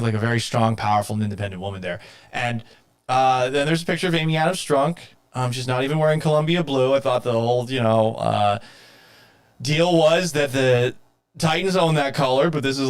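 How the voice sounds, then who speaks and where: Exasperated man hosting a live stream. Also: mid-range voice. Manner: exasperated, swearing, self-mocking; reads viewer comments aloud. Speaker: host of a live sports talk stream. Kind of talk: casual live-stream chat.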